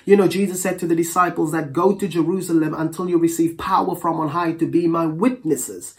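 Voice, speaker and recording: A preacher delivering a Pentecostal sermon in a mid-pitched voice. They read scripture at a slow, deliberate pace and pray in an earnest, measured cadence, calling on the congregation to answer back. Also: steady tone. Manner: reads scripture aloud slowly and calls for congregation responses.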